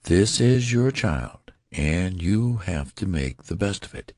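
A man's voice: deep voice, lively intonation, slow, a little mellow, dry recording, studio quality, pitched above the performer's own voice, exaggerated voice. A man voicing a stern female nurse who speaks severely. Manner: severe, scolding.

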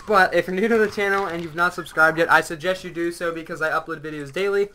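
Man, gaming channel host, rapid-fire crude rambling chat, sharp bright tone, slightly high. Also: fairly even intonation, a little hiss or hum. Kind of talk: casual gameplay commentary.

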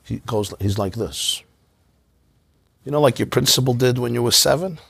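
A man, a rabbi, giving an informal synagogue class, telling stories in a conversational, animated way. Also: mid-range voice, normal speed, gravelly, slightly rough, dry recording. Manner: conversational, storytelling, animated asides.

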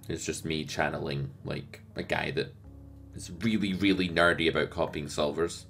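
A male poker coach with an extremely deep voice, talking through a hand in a lesson. He explains with lively energy and keeps putting rhetorical questions to the viewer, with faint music underneath. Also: normal speed, gravelly.

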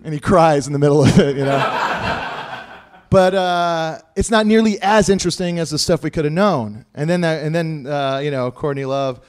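Man, comic storyteller, live stage, fairly high voice, rambling, profane, fillers, loud high-pitched quoted lines. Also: normal speed. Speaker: comedian telling a story on stage. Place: live stage before an audience.

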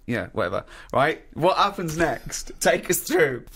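A man's voice: on the high side, sing-song, unhurried, fairly bright tone, slightly rough. A man hosting a podcast, teasing his guest with prodding questions and laughing often. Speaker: podcast host. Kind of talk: casual podcast chat.

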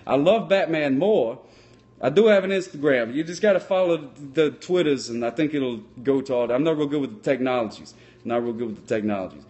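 A man playing a dim, cheerful sock puppet cop, rambling in a folksy, deadpan way and mangling his words in improvised puppet comedy. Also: mid-range voice, brisk, lo-fi sound. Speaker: sock puppet comedian answering live chat.

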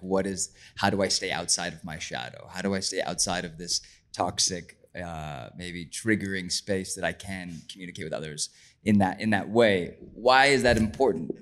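A man's voice: low voice, a little fast, a bit bright. A young man hosting a podcast taped live, who asks reflective questions and thinks aloud as he goes. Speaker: podcast host. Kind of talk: interview conversation.

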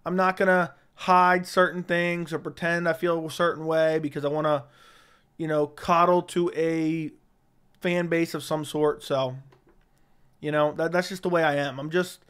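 A man's voice: fairly high pitch, flat delivery, normal speed, fairly bright tone, clean tone. Blunt man with a strained voice. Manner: blunt and outspoken. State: strained, tiring voice. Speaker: MMA commentary streamer. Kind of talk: casual livestream chat.

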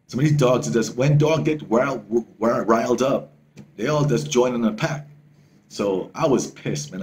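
Speaking in a mid-range voice over slight background noise, a male travel vlogger excitedly recounts a story to camera. He's casual about it, swears freely, and keeps repeating himself.

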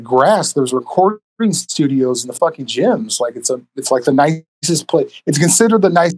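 A man telling stories casually on a podcast as a guest, animated and profane, acting out the people in his stories. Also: on the high side, husky. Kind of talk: casual storytelling.

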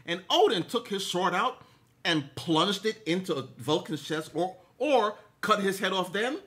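Relaxed young male co-host. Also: high-pitched, unhurried. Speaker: co-host of a TV review show. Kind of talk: casual chat.

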